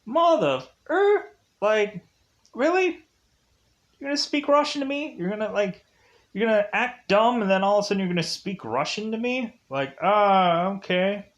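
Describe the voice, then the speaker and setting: A man's voice: fairly high pitch, expressive, a little slow, lo-fi sound. A man voicing a movie hitman as a casual, exasperated dude who rambles with lots of fillers. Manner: rambling, filler-heavy valley-ish phrasing.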